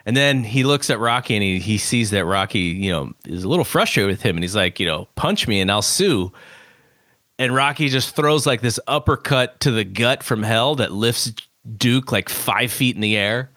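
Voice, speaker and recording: Bright-voiced man retelling movie scenes. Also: medium pitch, moderate pace, no echo, studio quality. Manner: animated retelling, acting out quotes. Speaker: podcast co-host. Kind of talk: casual film review chat.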